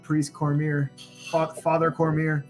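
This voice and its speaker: A man's voice: fairly high pitch, monotone, a little slow, soft background music. A man hosting a podcast, introducing segments and reading out a listener confession in an upbeat, joking way. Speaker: podcast host and producer.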